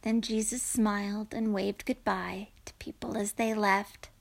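A woman reading a rhyming children's story aloud in a gentle voice that drops to whispers. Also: mid-range voice, little pitch movement, measured pace, gravelly.

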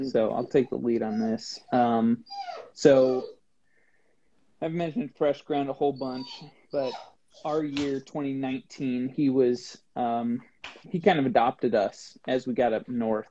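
A man who is a guest on the show, telling a story in a casual chat and acting out the dialogue with animation. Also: mid-range voice. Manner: animated retelling with acted-out dialogue. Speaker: guest, long-distance hiker. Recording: dull lo-fi sound with faint noise.

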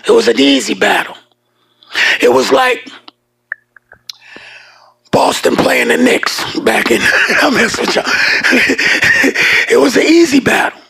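There's slight background noise as a male pastor preaches a sermon in a very high voice full of gravelly fry. Emphatic, he swings from hushed to shouting, stretches key words by slowing down, and adds casual joking asides for the congregation.

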